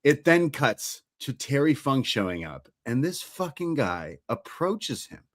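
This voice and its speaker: A man's voice: mid-range voice, very animated, measured pace. A man co-hosting a casual film review podcast who swears freely and retells scenes with laughter.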